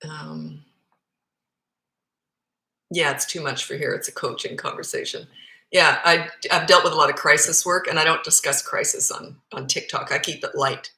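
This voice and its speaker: A woman in her fifties with a Canadian accent touched by Australian vowels, talking into a phone in a room at home. Her voice sits fairly low but has a bright, forceful edge. The room sounds echoey as she chats bluntly and pokes fun at herself. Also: fairly even intonation, normal speed, vocal fry. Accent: Canadian with some Australian. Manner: chatty, blunt and self-deprecating. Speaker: parenting coach. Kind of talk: casual live Q&A. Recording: roomy echoey phone recording.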